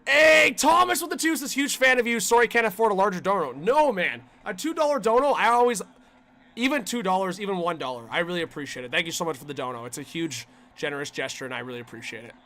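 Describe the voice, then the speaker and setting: High bright-voiced excitable male streamer. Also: fast. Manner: excitable, shouts and yells on big plays; casual slangy talk to chat. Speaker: livestream host. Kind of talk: fan play-by-play commentary.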